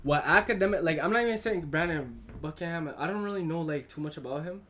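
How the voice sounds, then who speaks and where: A man giving casual reaction commentary, animated and slangy, talking back at a video. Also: a little high, fast. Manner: animated, slangy, profane, talks over the clip.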